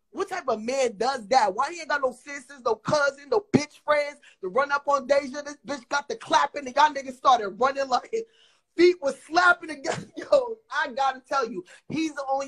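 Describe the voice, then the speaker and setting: Fiery high-voiced Brooklyn woman. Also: breathy edge, low-quality recording. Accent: Brooklyn New York. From Brooklyn, New York. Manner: blunt, profane, confrontational, lecturing. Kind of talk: heated livestream rant.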